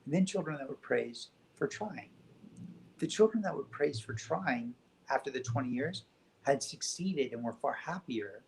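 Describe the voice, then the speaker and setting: Soft-spoken, gentle man, reflective. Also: mid-range voice, animated, vocal fry, a little hiss or hum, low-quality recording. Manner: soft, gentle and unhurried, thoughtful. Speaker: podcast guest. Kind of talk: reflective spiritual conversation.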